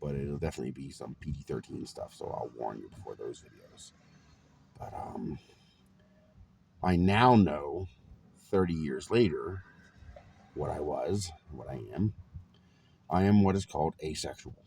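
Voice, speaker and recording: A man in his forties with a very low voice tells personal stories in a relaxed, rambling vlog. His talk is loose, full of ums and small chuckles, with a faint hiss of noise behind him. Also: unhurried, vocal fry, pauses often. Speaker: vlogger. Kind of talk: casual storytelling to camera.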